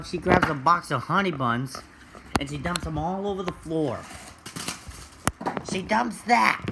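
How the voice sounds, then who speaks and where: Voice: mid-range voice, heavy background noise. Rambling silly storytime vlogger. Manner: silly, rambling, many fillers.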